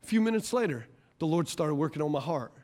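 High-voiced, animated man preaching a sermon. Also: fast. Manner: animated and joking, swinging between loud and hushed, asks the congregation "amen?". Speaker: pastor.

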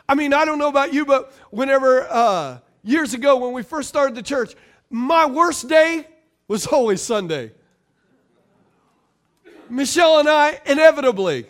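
A middle-aged man preaching a sermon as pastor, calling out to the congregation and swinging between loud and quiet. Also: very high voice, lively intonation, normal speed.

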